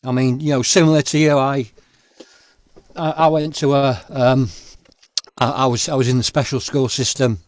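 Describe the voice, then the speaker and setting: A man interviewing a guest, speaking haltingly with many restarts. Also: mid-range voice, little pitch movement. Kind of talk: conversational interview.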